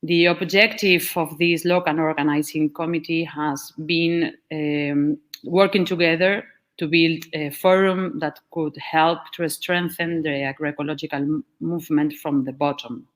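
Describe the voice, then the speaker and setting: A woman from Spain, giving a steady prepared speech for an organizing committee. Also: low voice, unhurried.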